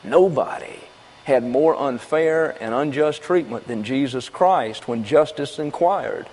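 A pastor preaches a folksy, conversational sermon, asking and answering his own questions. His mid-range voice is a little mellow, with lively intonation and a measured pace. The church hall gives it a long reverb.

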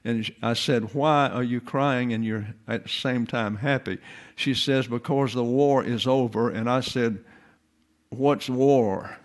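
An elderly man in his eighties delivers a sermon from the pulpit. He speaks slowly and deliberately, and his teaching is sprinkled with homespun turns of phrase. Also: medium pitch, steady tone. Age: 80s. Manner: slow, deliberate teaching delivery with folksy asides. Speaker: pastor.

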